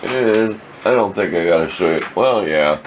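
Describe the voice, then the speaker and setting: Older man, very deep voice, lively up-and-down delivery, folksy rambling workshop talk, faint room hum. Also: moderate pace. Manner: folksy, rambling, plain-spoken. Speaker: workshop video host. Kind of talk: casual workshop show-and-tell. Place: home workshop.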